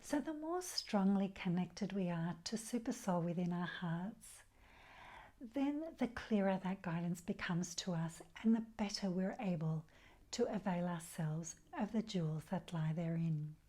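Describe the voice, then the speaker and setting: A woman giving a gentle spiritual talk as a yoga teacher, speaking softly and unhurriedly and dropping into breathy whispers on key phrases. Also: fairly low pitch, expressive. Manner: soft, slow and unhurried, drops to breathy whispers on key words; leads a slow, soft group mantra chant.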